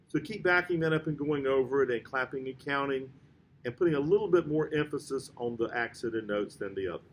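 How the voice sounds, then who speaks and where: A man's voice: mid-range voice, fairly quick, slight background noise. A man teaching a beginner clarinet lesson, counting beats aloud and giving patient, step-by-step directions. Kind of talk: instructional music lesson.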